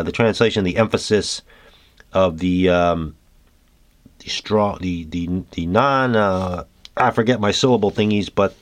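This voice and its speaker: A man hosting a reflective solo talk about haiku, musing and halting, with many fillers and restarts. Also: lowish voice. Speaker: host.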